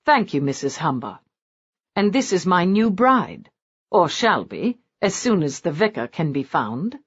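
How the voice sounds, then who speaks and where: A man's voice: high voice, big pitch swings, unhurried, husky, full character voice. A woman reading the part of a brooding, silken-voiced lord with a bad leg, dry and mocking in tone, on a dull lo-fi recording.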